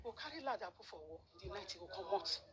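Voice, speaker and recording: Fast-talking Nigerian Pidgin woman. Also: medium pitch. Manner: animated storyteller, repeats words for emphasis. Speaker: interviewee. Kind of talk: emotional personal account. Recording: crowd noise behind.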